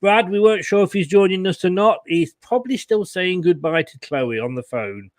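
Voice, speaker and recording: A cheerful man with a fairly high voice hosts a fan show, cracking jokes and teasing his co-hosts. The sound is close and dry. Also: brisk, few pauses, no room sound. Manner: jokey, teasing, laughs often. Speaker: host. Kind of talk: casual fan show chat.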